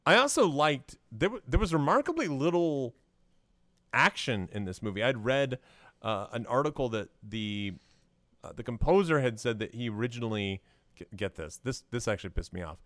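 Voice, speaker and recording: A man co-hosting a podcast in casual movie chat, measured and explanatory, pausing with hesitations. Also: mid-range voice, animated, fairly bright tone, no room sound. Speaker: podcast co-host.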